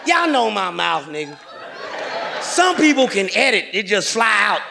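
A man from Kansas City performing a profane stand-up comedy set, telling stories loudly and acting out the other people in them. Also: high-pitched, sing-song, a little slow, gravelly, noisy background. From Kansas City, Missouri. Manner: profane, loud storytelling with acted-out voices. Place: comedy stage before a large audience. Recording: live stage mic with a laughing crowd.

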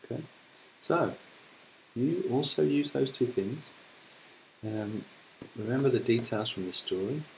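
A male primary school teacher reading a story aloud and explaining to children in a gentle manner. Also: mid-range voice, a little slow, vocal fry, long pauses, a little hiss or hum, poor audio.

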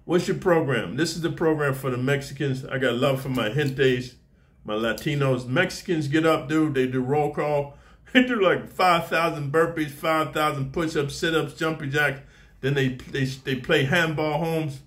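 A man's voice: on the high side, moderate pace, a bit bright. A man giving a casual, profane monologue to camera in boastful street talk, speaking as a martial arts teacher.

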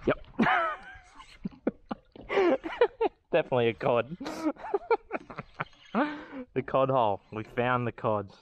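A guy in his twenties gives a slow, unhurried running commentary on his fishing trip, his pitch jumping all over as he gets excited. He swears freely and mutters to himself, recorded outdoors by the water on an action camera with faint background noise. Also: lo-fi sound. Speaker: fishing vlogger.

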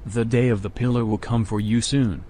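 A man's voice: mid-range voice, steady tone, a little fast, mellow. A man on a live show, speaking in a dry, taunting way.

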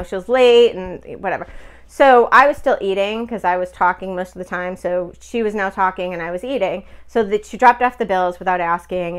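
A woman's voice: medium pitch, clear, resonant tone. A middle-aged woman telling a personal story in a casual, chatty, emotional way, full of fillers and quoted dialogue.

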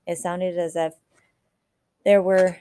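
A woman reading a children's novel aloud in a steady storytelling manner, with the odd slip and restart. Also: on the low side, takes it slowly, no echo. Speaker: reader.

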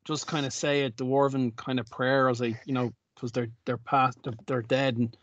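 A man's voice: mid-range voice, flat delivery, moderate pace, no echo, highs cut off. A man playing a dwarf in a tabletop game, hesitant and full of ums and restarts. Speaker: player voicing a dwarf. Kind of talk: tabletop role-play chat.

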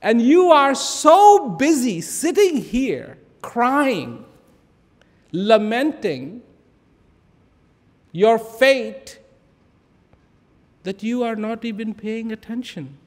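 A man voicing a calm wise old man who patiently points things out and instructs, inside a reverberant hall. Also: very high voice, extremely slow, pauses often, voice pushed up, exaggerated voice. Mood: urging. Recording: long reverb of a large hall.

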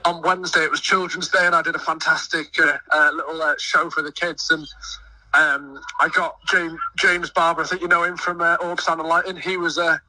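A young man who sings in a choir and volunteers at a festival, talking excitedly in a radio interview and often stumbling over his words. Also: a little high, fairly quick, no room sound, distant mic, low-quality recording. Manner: eager, stumbling restarts. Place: busy outdoor festival field.

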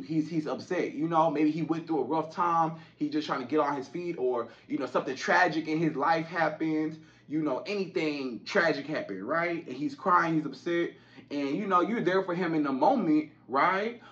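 A man's voice: a little high, a bit bright, muffled recording. A man giving relationship advice straight to women in an informal, repetitive way, often saying "you know". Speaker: relationship coach. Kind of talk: direct-to-camera advice talk.

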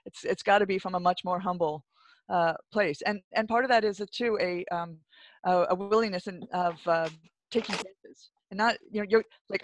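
A speaker in a casual church discussion, earnest and halting, often restarting sentences, heard over a video call. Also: medium pitch, no room sound.

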